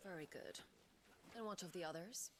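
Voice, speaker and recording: A woman's voice: on the low side, moderate pace, lightly acted. A woman voicing a haughty, cruel noblewoman commander in a video game, cold and scornful. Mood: commanding. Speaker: game character.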